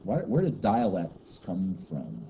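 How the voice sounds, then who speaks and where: A man's voice: deep voice, huge pitch swings, takes it slowly, gravelly. A man from giving a rambling, joking lecture to a class. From Kentucky, USA. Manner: joking, rambling teacher banter. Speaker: teacher. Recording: muffled classroom recording with faint noise.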